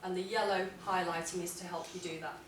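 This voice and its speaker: A woman leads a classroom writing lesson. She speaks clearly and deliberately and leans on key words when she reads examples aloud. Her voice carries from a distance in an echoey room, with a faint hum of room noise behind it. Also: fairly low pitch, fairly even intonation. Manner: clear, deliberate, emphatic reading of model texts. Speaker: English teacher.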